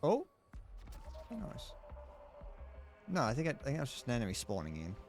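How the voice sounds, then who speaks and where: Animated British man streaming a game. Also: mid-range voice, moderate pace, soft background music. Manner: chatty, thinks aloud, hums tunes while playing. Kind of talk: live gameplay commentary.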